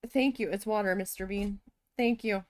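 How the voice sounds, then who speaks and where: A woman's voice: medium pitch, fairly even intonation, moderate pace, dry recording. A woman chatting casually while she works on a craft, telling stories and talking to her cat. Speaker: crafting vlogger.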